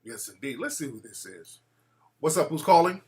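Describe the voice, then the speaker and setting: A man hosting a call-in show, telling stories in a boastful, animated way and acting out quotes. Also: a little high, normal speed. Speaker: show host taking calls.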